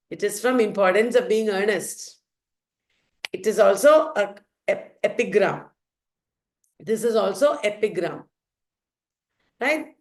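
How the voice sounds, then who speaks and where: Playful woman teacher quizzing a class. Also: mid-range voice. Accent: Indian English. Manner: playful, asks questions and answers them herself. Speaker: literature teacher. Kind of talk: quizzing students in a revision lecture.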